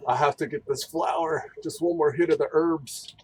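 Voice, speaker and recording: A man's voice: fairly high pitch, fairly even intonation, normal speed, a little hiss or hum, poor audio. A man streaming a video game, rambling casually and thinking aloud as he plays. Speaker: gaming streamer. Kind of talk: casual gameplay commentary.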